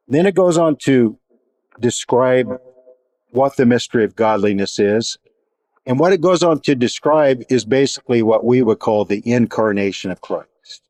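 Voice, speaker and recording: A man teaching a Bible study in a measured, reflective way, pausing and restarting as he explains. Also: mid-range voice, a little mellow, dry recording.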